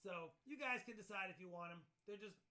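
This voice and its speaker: A man's voice: high voice, fairly quick, bright, forceful tone. A man running a live online coin auction, describing lots and calling bids in an easygoing, plainspoken way.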